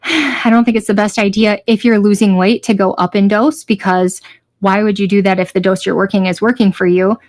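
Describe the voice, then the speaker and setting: A woman chatting casually on a live stream about her weight-loss journey, restless and repeating herself as she talks. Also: medium pitch. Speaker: health vlogger hosting a live stream.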